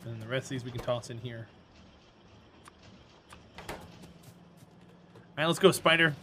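A man's voice: medium pitch, a little slow, long pauses, pushed and bright, slight background noise. A man with a North Carolina Southern accent, chatting and teasing viewers playfully while live-streaming a game. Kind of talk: live-streamed gameplay chat.

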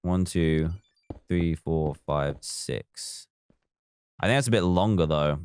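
A man's voice: rumbling low, slow, darkish tone, a little hiss or hum. A man live streaming a building game, chatting casually, reading viewer comments aloud and counting blocks as he works.

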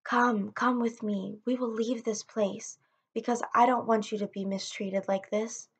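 A woman voicing the ghost of a mother turned into a bird, speaking softly and slowly to her son. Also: medium pitch, steady tone, gravelly, slightly rough. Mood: tender. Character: ghost mother in bird form, gentle and protective.

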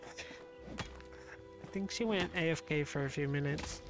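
A male streamer chatting casually while playing a game, quick to laugh and talking to his viewers. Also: on the high side, over music. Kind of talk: casual gaming stream chat.

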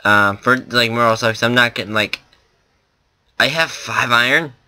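A man's voice: mid-range voice, normal speed, bright, forceful tone. A man giving casual gameplay commentary as a let's play host, rambling and thinking aloud with lots of fillers.

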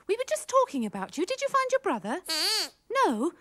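Very high, lively-voiced woman presenter. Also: fairly quick, very noisy. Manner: exclaiming, coaxing, mock-exasperated. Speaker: children's TV presenter. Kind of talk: children's TV chat with puppets.

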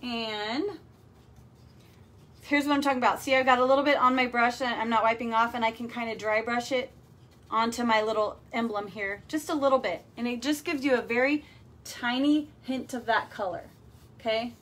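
High-pitched woman hosting a painting livestream; chatty, playful teacher who checks in often. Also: steady tone, normal speed, a bit bright. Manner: playful made-up words. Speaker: furniture painting instructor. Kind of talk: casual livestream demonstration. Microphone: phone or camera livestream.

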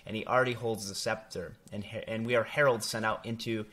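A man's voice: on the low side, steady tone, fairly quick, a bit bright. A young man hosting a theology channel, reviewing an article in emphatic casual commentary with fillers and self-corrections.

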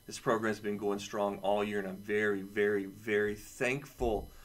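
A man's voice: on the low side, flat delivery, normal speed. A man with a son, teaching a casual lesson to children with playful, jokey asides. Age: adult, has a son. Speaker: camp teacher for kids.

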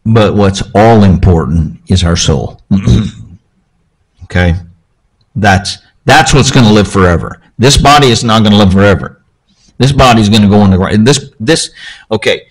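A man's voice: on the low side, a bit bright. A pastor preaching a sermon in church, talking conversationally and checking in with "okay?" as he restarts his phrases.

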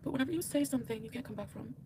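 A woman's voice: on the high side, very fast, noisy background. A woman talking frankly to her vlog viewers, rambling and filling her speech with "like" and swearing. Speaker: vlogger. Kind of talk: candid vlog talk.

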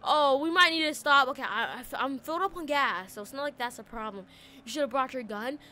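A woman commentating a police chase in a game, frantic and panicky, often shouting and repeating herself. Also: high voice, a little fast, a little hiss or hum. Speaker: gaming video creator.

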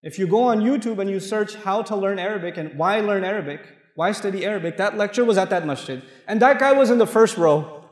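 A high-pitched man from Pakistan preaches to a crowd in a large mosque hall. He tells lively stories and plays out the dialogue himself. His voice rings through a roomy space with a long trailing reverb. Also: fairly quick. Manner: animated storyteller who acts out dialogue and jokes with the crowd. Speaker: Islamic lecturer. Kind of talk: mosque lecture with personal stories.

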